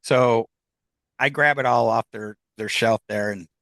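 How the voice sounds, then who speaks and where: A man's voice: medium pitch, a little slow, a bit bright, no room sound. A middle-aged man recounts a personal story as a podcast guest. His voice sits in a plain middle range. He talks in a candid, rambling way with plenty of fillers, and the recording is close and dry.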